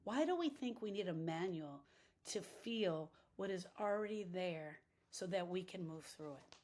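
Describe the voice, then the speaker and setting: A middle-aged woman giving an impassioned grief-coaching talk, repeating phrases for emphasis and swinging between hushed and loud lines. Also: fairly low pitch, animated, a little slow. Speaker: grief coach and podcast host.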